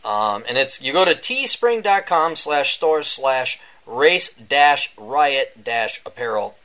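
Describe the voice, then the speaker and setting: A man hosting a casual solo podcast, rambling and sarcastic, often mocking other people in a high voice. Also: expressive, takes it slowly, pushed and bright. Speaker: podcast host. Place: indoors during a power outage.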